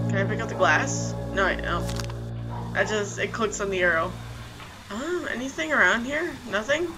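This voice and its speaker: A woman's voice: a little high, rough recording. A woman playing a video game and commenting casually, thinking aloud and easily startled.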